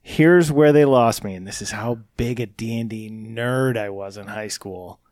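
A man's voice: on the low side, measured pace, a little mellow, no room sound, studio quality. Man praat bot en zelfspottend. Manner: blunt, self-mocking nerd. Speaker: podcast co-host. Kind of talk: casual chat.

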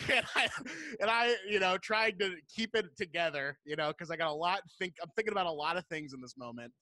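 Male podcast host, bright and a touch high, dry close sound, laughs a lot, swears casually. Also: animated, brisk, hardly any pauses, no echo. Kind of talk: casual chat.

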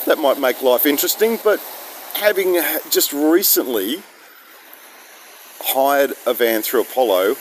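A man's voice: mid-range voice, slight background noise. An Australian man telling a rambling, self-deprecating story outdoors, recorded on a phone. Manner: chatty, self-deprecating, digressive. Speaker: vlogger. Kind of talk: rambling casual monologue. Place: outdoors in misty rain.

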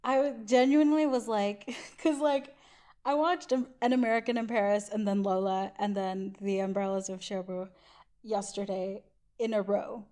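A woman's voice: mid-range voice, steady tone, normal speed, dark tone. A woman co-hosting a podcast, chatting casually and laughing at herself. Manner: chatty, self-deprecating, giggly. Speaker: podcast co-host. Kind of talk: casual chat.

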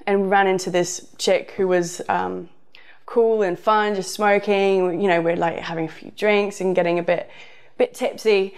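A woman's voice: mid-range voice, steady tone, normal speed. A woman with a southern English accent telling a casual personal story, rambling with frequent fillers. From southern England.

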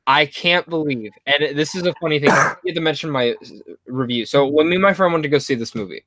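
Young man, podcast host, slightly high voice, animated storyteller, dry close recording. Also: fast talker, no echo. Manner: animated storyteller, stammers and restarts. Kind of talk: casual movie podcast chat.

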